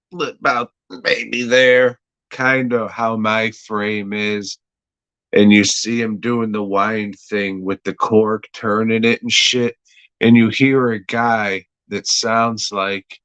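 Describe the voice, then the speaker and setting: A man hosts a podcast and talks his way through a TV episode in a loose, rambling recap that is full of swearing and jokes. He speaks slowly at a middle pitch, and his voice is recorded close and dry. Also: bright, forceful tone, smooth, no room sound. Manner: rambling, profane, jokey. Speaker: podcast host reviewing a TV episode. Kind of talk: casual profane episode recap.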